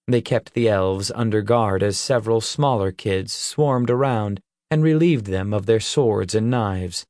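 A male narrator reading a fantasy audiobook in a steady, measured way. His pace is slow and unhurried. The recording is dry and close, with no room sound. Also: on the low side, no echo.

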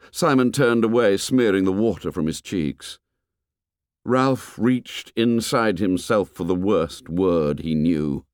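A male narrator reads a novel slowly and deliberately, his pitch rising and falling widely to carry the drama. The sound is close and dry, with no room around it. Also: clear, resonant tone, dry recording. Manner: measured, expressive storytelling. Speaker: audiobook narrator. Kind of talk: scripted narration.

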